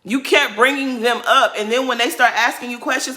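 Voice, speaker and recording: A woman's voice: on the high side, fairly even intonation, fairly quick, few pauses, sharp tone. A woman giving casual reaction commentary, blunt and sassy, laughing as she rants. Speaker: reality TV commentator.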